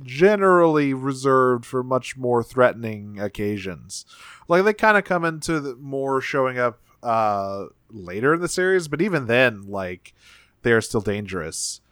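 A man's voice: medium pitch, big pitch swings, a little slow, fairly bright tone, clean tone, dry recording, clean studio sound. A man co-hosting a podcast who talks casually and rambles, swears often, and acts out quotes while recapping a cartoon episode. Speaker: podcast co-host.

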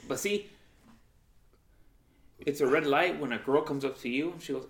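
A man's voice: a little high, moderate pace, vocal fry. A young man, telling stories in casual chat, acting out other people's voices and swearing freely. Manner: animated storyteller who acts out quoted voices; profane and slangy. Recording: roomy echo.

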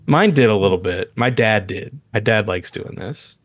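A man's voice: on the low side, lively intonation, dry recording, faint music behind. Rambling man on a dry podcast mic. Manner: rambling, halting, laughs often. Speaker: podcast co-host. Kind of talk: casual comedy podcast chat.

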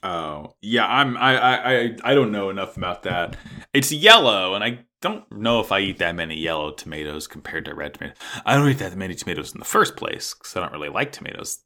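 Male co-host, casual recap chat, lively and bright-toned, swears a lot. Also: sits low, fairly quick. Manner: animated retelling with swearing and acted quotes. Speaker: podcast co-host.

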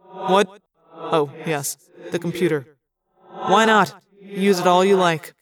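A reader voicing a bitter, sneering male alien war prince with a gruff, sardonic manner. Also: mid-range voice, little pitch movement, measured pace, a crowd in the background, natural voice. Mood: weary.

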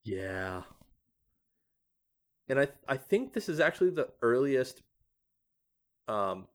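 A man's voice: medium pitch, sing-song, slow pace. A man discussing story lore casually on a podcast, hesitating often with ums. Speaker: podcast co-host.

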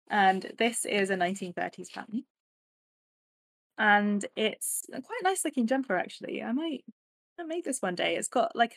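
A woman co-hosting a casual chat, giggling often and filling pauses with ums. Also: mid-range voice. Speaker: podcast co-host.

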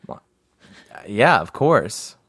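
A man with a lowish voice talks very slowly as a podcast co-host, halting over his words and chuckling as he goes. The sound is dry and close, with no room around it. His chat is easygoing and unscripted. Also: big pitch swings, a bit bright, slightly rough, no room sound. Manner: slow, halting descriptions with frequent chuckles. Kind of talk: casual chat.

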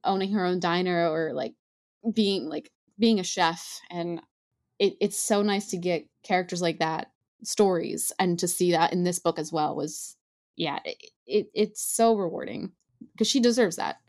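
Soft, earnest woman, lower voice. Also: unhurried.

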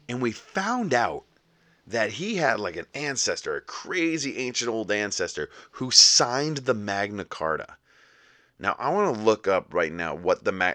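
Low-voiced man on a comic rant. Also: sharp tone, no room sound. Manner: exasperated, mock-indignant ranting. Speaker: podcast host.

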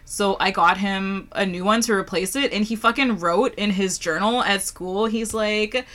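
Bright-voiced woman telling casual stories. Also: medium pitch, moderate pace. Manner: profane, laughing storyteller. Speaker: podcast co-host. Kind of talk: casual chat.

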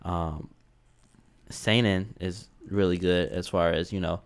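A man with a somewhat low voice talks in a casual, slangy way. He is blunt and swears freely. He laughs often as he chats. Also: fairly even intonation, takes it slowly, clean tone. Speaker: podcast co-host. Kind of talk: casual chat.

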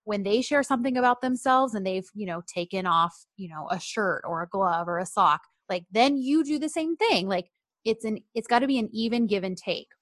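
A woman's voice: medium pitch, animated, a little fast, no echo, clean studio sound. A woman co-hosting a casual chat, recapping a show's scenes with lots of fillers. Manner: chatty, talks through scenes with fillers. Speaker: co-host reviewing a show.

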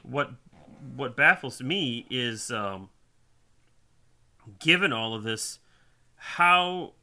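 A podcast co-host chats casually and thoughtfully about a TV series, his talk full of ums broken by some quick bursts. His mid-range voice is animated and bright, with a forceful tone.

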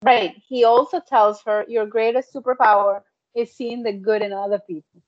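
A woman's voice: a little high, fairly even intonation, normal speed, no room sound. A woman co-hosting a podcast over a remote call, talking things through thoughtfully in casual chat. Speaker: podcast co-host. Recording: dull dry lo-fi call audio.

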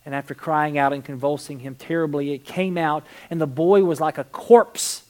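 A pastor preaching a sermon in a church service, animated, swinging from quiet emphasis to near-shouting and often repeating words to build a point. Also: medium pitch, moderate pace.

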